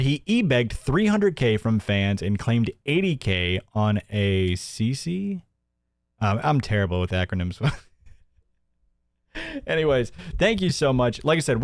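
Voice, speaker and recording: A man's voice: mid-range voice, no room sound, clean studio sound. A man hosting a casual livestream news show, sarcastic and mocking, reading viewer donations aloud.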